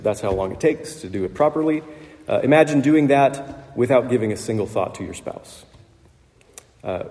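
A man's voice: mid-range voice, mellow. A man preaching a sermon in a conversational way, with fillers and small laughs. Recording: long hall reverb.

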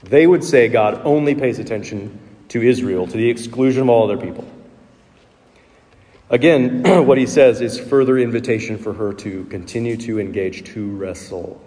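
A man's voice: mid-range voice, moderate pace, dark tone, big-room sound. A man preaching a sermon as pastor, explaining the text in a conversational teaching way and posing rhetorical questions. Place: church sanctuary.

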